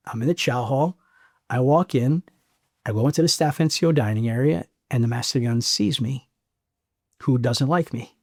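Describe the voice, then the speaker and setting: A middle-aged man from Chicago, a former Marine sergeant, telling a story in a blunt, animated way. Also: mid-range voice, normal speed. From South Side of Chicago, US. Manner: animated, blunt, acts out quoted voices. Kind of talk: casual storytelling interview.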